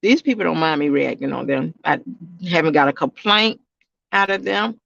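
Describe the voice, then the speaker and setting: High-voiced man, loose casual vlog talk. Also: lively intonation, moderate pace, gravelly, fairly bright tone, dry recording, lo-fi sound. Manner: rambling, repeats himself, talks straight to viewers. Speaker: YouTube reaction channel host.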